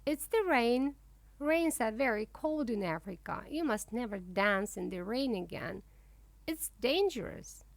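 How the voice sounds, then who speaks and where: A woman voicing a calm father ostrich who explains things steadily in a storybook reading. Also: fairly high pitch, unhurried, vocal fry, no room sound. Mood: firm.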